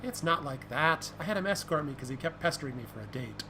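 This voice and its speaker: A man's voice: a little high, expressive, fast talker, noisy background, lightly acted. A man raising his voice to read a guarded young policewoman. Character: young female police officer, reserved.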